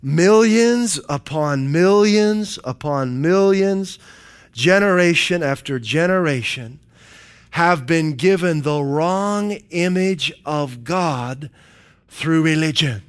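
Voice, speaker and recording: A man's voice: a little high, lively intonation, slow pace, clean tone. A man preaching a sermon, emphatic and repetitive, quoting scripture and hammering his points. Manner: emphatic preaching with repeated phrases and scripture quotes.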